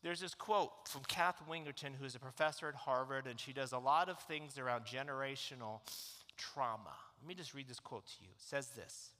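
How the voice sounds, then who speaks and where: A man's voice: mid-range voice, a little fast, sharp tone. A middle-aged man preaching a sermon as pastor, telling a personal story in an earnest, openly emotional way. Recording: long hall reverb.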